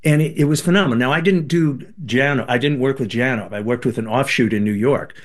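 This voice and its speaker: Animated older man telling a story. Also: mid-range voice, quick pace. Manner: animated, acts out quoted voices. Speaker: guest, former band member and author. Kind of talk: storytelling in an interview.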